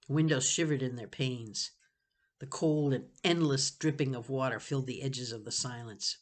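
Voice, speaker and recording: A woman reading a novel aloud to students, pausing to savor phrases and chat about them. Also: a bass voice. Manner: expressive, stops to savor phrases. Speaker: reader for students.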